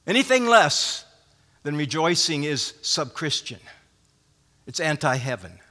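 A man's voice: on the high side, sing-song, a little slow, pushed and bright. A man preaching a sermon as pastor, earnest and emphatic, often restarting his phrases. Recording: long hall reverb.

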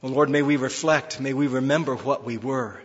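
A man preaching a sermon as pastor, repeating words for emphasis and swinging from loud, pressing lines down to soft, quiet ones. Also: medium pitch, steady tone, moderate pace, slightly rough. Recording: muffled recording with long hall reverb.

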